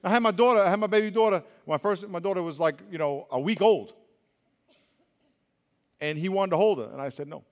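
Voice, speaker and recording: Brief: young male youth pastor, high voice, lively casual preaching, hall echo. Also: a little fast, long pauses. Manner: animated storytelling, swings from loud to hushed; colloquial, says y'all. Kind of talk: sermon. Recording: long reverb of a large hall.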